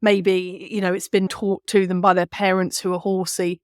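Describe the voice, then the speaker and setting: A woman's voice: fairly low pitch, level tone, normal speed, clean tone, dry recording, clean studio sound. A woman hosting an interview, asking curious, probing questions. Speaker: podcast host.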